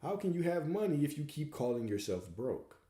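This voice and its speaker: Hosting a livestream Q&A, a man coaches viewers and drives his points home with repeated rhetorical questions. His slightly high voice swings widely in pitch, moves a little fast, and sounds mellow in a reverberant space.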